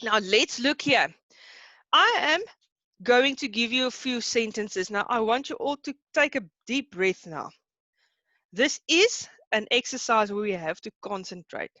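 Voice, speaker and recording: A woman's voice: a little high, lively intonation, unhurried, bright, forceful tone, no echo. A woman teaching an online lesson, patient and encouraging, who laughs easily.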